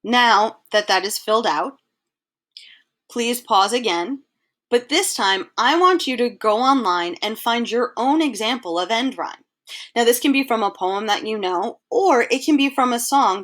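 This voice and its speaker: A woman teacher giving a recorded slideshow lesson, explaining each point patiently and reading verse aloud slowly. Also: on the high side, expressive, fairly bright tone. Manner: clear, patient explaining, reads poem lines aloud in a slow measured way.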